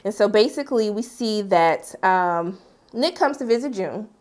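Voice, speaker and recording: A woman talking through a TV episode in a relaxed, chatty way. She retells each scene with lively energy and drops sassy asides to her viewers. Her voice sits at an ordinary middle pitch. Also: moderate pace. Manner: chatty, animated retelling with playful sass. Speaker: TV reviewer. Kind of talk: casual recap and review.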